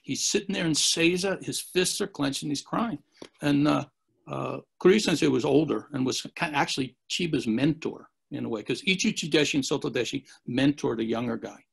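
In a podcast interview, a male guest spins long, rambling anecdotes and acts out the quotes. His mid-range voice is creaky and husky, and he talks fairly quickly.

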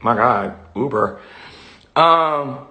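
A sassy, animated woman chatting on a phone livestream, reading viewer comments and laughing often. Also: extremely low pitch, very slow, noisy background. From Atlanta, USA. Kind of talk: casual livestream chat.

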